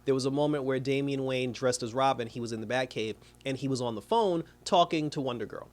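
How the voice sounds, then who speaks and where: Brief: male reviewer, rapid casual delivery, mid pitch, rambling with frequent laughs. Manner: rambling, laughs often, acts out characters' lines.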